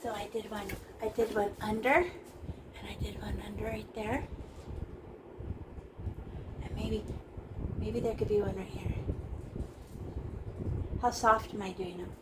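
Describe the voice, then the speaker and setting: A woman's voice: mid-range voice, flat delivery, unhurried, long pauses, far from the mic, background noise. A woman teaching a painting lesson in a chatty, playful way, talking through every brushstroke. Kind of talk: casual painting tutorial.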